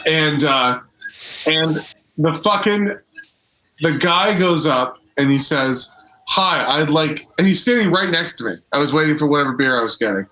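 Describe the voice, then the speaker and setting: A man telling stories in a lively, swaying voice with a bright, forceful tone. He talks casually, swears freely, and sounds like he is in an echoey room. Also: on the high side, normal speed. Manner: animated storyteller, swears freely. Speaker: podcast co-host. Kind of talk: casual chat.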